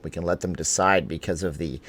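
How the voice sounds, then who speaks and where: A man's voice: sits low, brisk, fairly bright tone, breathy edge. A man hosting a vlog, giving opinionated commentary in a ranting way, often repeating and restarting his words. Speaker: vlog host.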